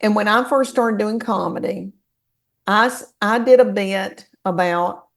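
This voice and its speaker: Gravelly-voiced Southern woman storyteller. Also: medium pitch, measured pace. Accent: Southern American. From Southern US, Tennessee. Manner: animated, folksy storyteller. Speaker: comedian guest. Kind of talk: casual storytelling chat.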